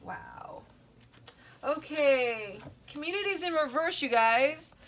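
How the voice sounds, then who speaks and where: A woman's voice: lowish voice, unhurried, fairly bright tone, slight background noise. A woman giving a channeled tarot reading to her viewers, rambling and emotional, often stopping to check in with them. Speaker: tarot reader.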